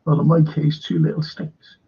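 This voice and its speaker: Gravelly, husky man chatting. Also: fairly high pitch, level tone, normal speed, lo-fi sound. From Liverpool. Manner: rambling, chatty, jokey asides. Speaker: host. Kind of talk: live fan chat show, reading chat questions.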